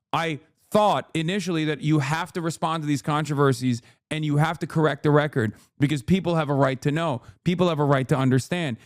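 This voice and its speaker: A man's voice: a little high, no echo, studio quality. A man giving heated political commentary as a streamer, exasperated and swearing often.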